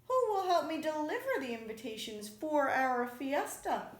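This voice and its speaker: Picture a fussy, hard-working lady iguana from a storybook, bossy and fed up with her lazy friends, put on by a woman. Her voice pitches up high and pushes loud and emphatic. It rings in an echoey room. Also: sing-song, moderate pace. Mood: insistent.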